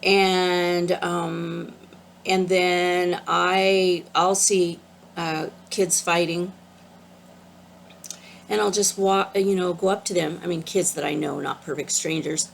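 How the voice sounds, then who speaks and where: A woman spiritual teacher giving an earnest, gentle, casual talk about an oracle card. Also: on the low side, steady tone, slow, creaky, a little hiss or hum.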